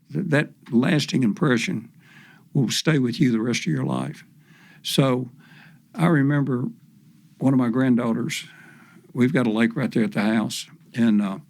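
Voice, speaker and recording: An older man, a podcast guest, telling long, folksy stories with many pauses and repetitions. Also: mid-range voice, vocal fry. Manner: rambling, folksy, repeats himself with many "uh"s. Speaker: guest, professional fisherman. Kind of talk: storytelling in a podcast interview.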